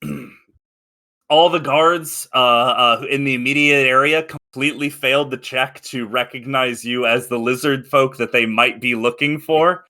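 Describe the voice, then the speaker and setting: A man narrating a tabletop game as game master, lively and full of fillers, breaking into shouted guard voices. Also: medium pitch, a little slow.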